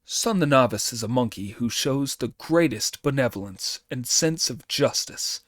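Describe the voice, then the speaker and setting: Male reader doing a steady storybook demon chief. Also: mid-range voice, moderate pace, no echo, studio quality, natural voice. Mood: persuasive.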